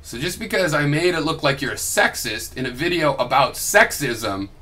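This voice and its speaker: Combative, profane man with a bright voice. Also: fairly high pitch, animated, moderate pace. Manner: combative and profane, with sarcastic mock quotes. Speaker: video blogger replying to another vlogger. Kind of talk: argumentative reply video.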